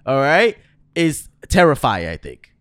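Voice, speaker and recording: A man's voice: medium pitch, wildly swooping pitch, fairly bright tone, no echo, clean studio sound. A man co-hosting a film podcast in casual chat, often stumbling and repeating words as he talks. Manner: halting, repeats words, enthusiastic. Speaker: podcast co-host.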